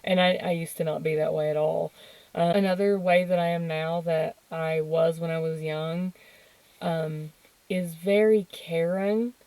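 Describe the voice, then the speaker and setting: A woman's voice: lowish voice, steady tone, unhurried, warm tone, no room sound, low-quality recording. A woman in her thirties hosting a podcast, telling personal stories in a candid, emotional way, laughing and swearing freely. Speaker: podcast host. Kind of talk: personal storytelling monologue.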